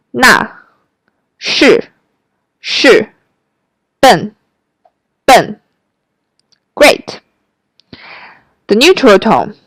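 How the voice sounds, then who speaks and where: Slow, clear-voiced woman teaching Mandarin. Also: medium pitch, dry recording. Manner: models syllables slowly for the listener to repeat. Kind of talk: slow, careful language lesson narration.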